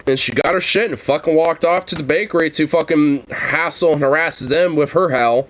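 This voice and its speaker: A man's voice: fairly high pitch, normal speed, fairly bright tone. A young man telling a story casually, rambling and swearing constantly. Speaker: streamer.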